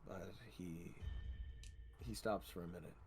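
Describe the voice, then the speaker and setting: A man's voice: low voice, fairly even intonation, measured pace, a little mellow, a little hiss or hum. A man playing a tabletop game, describing his character's actions in a hesitant, thinking-aloud way. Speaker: player.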